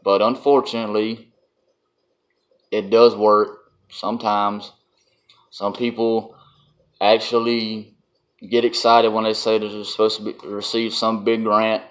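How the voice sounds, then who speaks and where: A man's voice: on the low side, flat delivery, a little slow, long pauses. A man, telling a casual vlog story in a blunt, folksy way and laughing often. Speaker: vlogger.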